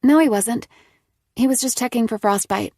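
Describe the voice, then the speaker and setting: A woman's voice: a little high, normal speed, a little mellow, no room sound, studio quality, voice pushed up. Eve, a nervous teen girl, as a woman narrator voices her. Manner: nervous, pleading. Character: anxious teenage girl, fifteen.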